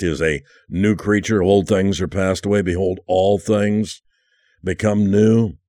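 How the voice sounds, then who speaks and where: Older man, very low voice, dry close sound, earnest pastor's testimony, hushed at times. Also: no echo. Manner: earnest, emotional storytelling, drops to hushed tones. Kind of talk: testimony sermon.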